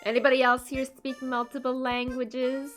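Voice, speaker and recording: A woman's voice: sits high, flat delivery, moderate pace, faint music behind. A young woman from Canada chatting casually on a live stream, laughing often and answering her chat.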